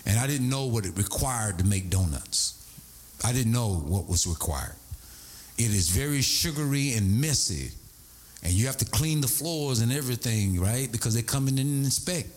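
A man's voice: medium pitch, animated, normal speed, a little mellow. A middle-aged man preaching a sermon, telling stories with sing-song swells and asides. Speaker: pastor.

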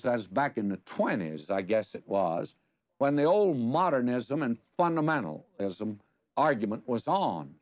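An older man preaches a sermon in a homespun, storytelling manner, putting rhetorical questions to his listeners. His voice rises and falls in a lively way. The recording is dull and lo-fi, with a dry, close sound. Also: medium pitch, dry recording.

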